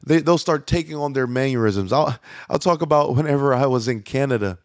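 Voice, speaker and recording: A man's voice: medium pitch, a little fast, no room sound, clean studio sound. A man preaching as a pastor, talking conversationally with frequent restarts and fillers. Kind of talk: sermon.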